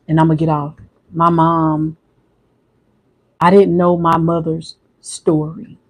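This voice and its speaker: A man with a fairly high voice talks on his livestream in a quiet, halting way. He restarts and repeats his words often, like a personal monologue. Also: completely flat delivery, low-quality recording. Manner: soft-spoken, halting, repeats himself. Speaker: livestream host.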